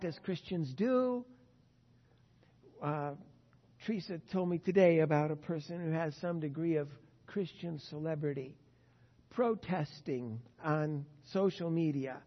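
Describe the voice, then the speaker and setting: Earnest preaching man, slightly high voice. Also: measured pace, long reverb tail, dull audio. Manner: earnest, emphatic preaching with wide swings in loudness. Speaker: pastor. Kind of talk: sermon.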